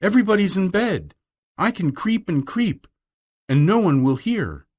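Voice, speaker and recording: A timid, slow, kind-hearted schoolgirl in a storybook reading, as a man puts her on. She stammers and hesitates, her voice pushed up high with a lively, rising melody. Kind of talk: audiobook reading.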